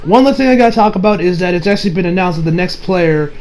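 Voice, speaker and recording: High-voiced young man reviewing anime. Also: lively intonation, fast, a little mellow, a little hiss or hum, rough recording. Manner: rambling, with profanity and many restarts. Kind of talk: casual episode review.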